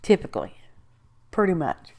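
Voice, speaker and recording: A woman's voice: moderate pace, darkish tone. A woman, chatting her way through a crafting tutorial, rambling with asides and talking to herself as she works. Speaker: craft video host. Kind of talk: casual crafting tutorial narration.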